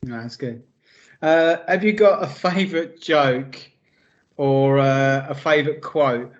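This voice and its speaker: A man's voice: medium pitch, slow pace. A man hosting an interview, asking questions eagerly with lots of fillers and laughter. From United Kingdom. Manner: enthusiastic, laughs a lot, filler-heavy questions. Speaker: interviewer, host. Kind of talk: casual interview. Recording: dull lo-fi audio.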